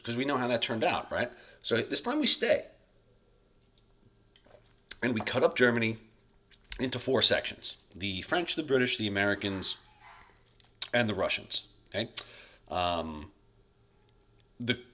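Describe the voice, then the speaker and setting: A male teacher giving a casual recorded history lecture over slides, chatty and loose, talking straight to his students and acting out leaders in quick bits. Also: lowish voice, pushed and bright. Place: home, recording alone during school shutdown.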